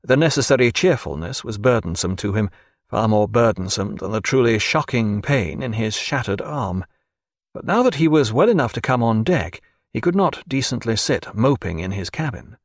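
A male audiobook narrator reads a novel in an expressive storytelling manner. His pitch moves a great deal from phrase to phrase around a middle register. The recording is dry and close. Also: normal speed, no echo.

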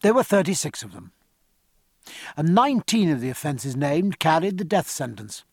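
A man reads a seafaring novel aloud with a measured, even delivery. His voice sits slightly high for a man and the studio sound is dry and close. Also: gravelly, husky, dry recording. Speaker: audiobook narrator. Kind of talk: scripted narration.

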